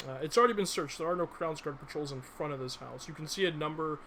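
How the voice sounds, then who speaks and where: Bright-voiced man narrating a tabletop game. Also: on the high side, fast, slight background noise. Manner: hesitant, many fillers. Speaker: game master.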